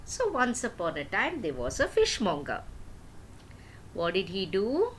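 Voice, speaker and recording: Lively older woman telling a story. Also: medium pitch, a little slow, a little hiss or hum, rough recording. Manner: asks the young listeners questions. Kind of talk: storytelling for children.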